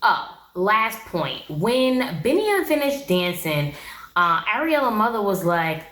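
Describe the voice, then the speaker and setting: Woman, reality show recap, blunt and sassy, pitch swooping up and down, echoey room. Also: sing-song, normal speed, fairly bright tone. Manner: sassy, blunt, talks straight to viewers. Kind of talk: casual recap commentary.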